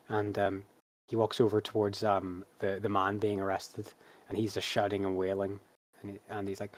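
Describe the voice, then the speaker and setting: A man's voice: on the low side, monotone, normal speed. A man narrating a tabletop game as game master, rambling with many fillers.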